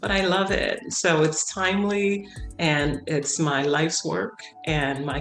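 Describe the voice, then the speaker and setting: A woman's voice: deep voice, fairly even intonation, slow, fairly bright tone. A middle-aged woman, a nurse leader, talking earnestly and with emphasis as an interview guest, often repeating phrases to drive a point home. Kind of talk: interview conversation. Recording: roomy echo, faint music.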